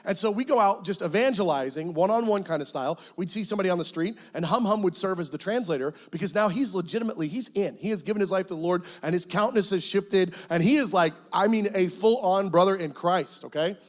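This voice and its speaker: A guest pastor tells his testimony from the pulpit, high-pitched for a man. He tells it as an animated story and breaks into excited, shouted quotes. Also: fast, hardly any pauses. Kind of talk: testimony sermon.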